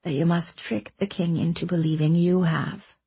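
A woman narrator voicing a gentle, scheming woman who speaks in a soft, coaxing, lulling way. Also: on the low side, steady tone, moderate pace, breathy edge, dry recording.

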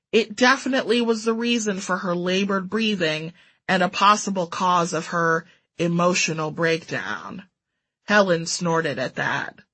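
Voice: mid-range voice, bright, forceful tone. Wry narrator reading a first-person story. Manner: wry, sardonic delivery.

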